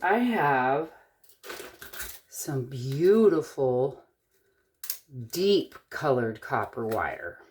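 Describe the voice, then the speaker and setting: A middle-aged woman from Eastern Washington, chatting casually and thinking aloud as she shows a wire-wrapping craft, with the odd corny joke. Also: very deep voice. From Eastern Washington, USA. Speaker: jewelry-making tutorial host.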